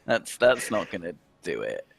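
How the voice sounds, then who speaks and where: A man's voice: deep voice, very animated, normal speed, gravelly, slightly rough. A man talking casually on a gaming stream, reacting to his friends with wry, incredulous remarks and the odd swear. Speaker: co-streamer guest.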